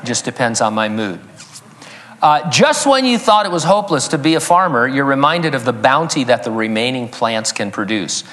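A man's voice: mid-range voice, animated, normal speed, fairly bright tone, in a large hall. A man preaching a sermon as pastor, breaking in with joking asides and chuckling at his own jokes. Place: church sanctuary.

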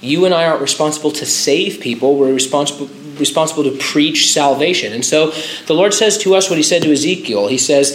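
A man's voice: a little high, a little fast, reverberant, a little hiss or hum, poor audio. A pastor preaching a conversational sermon, stopping to restart his phrases and using filler words.

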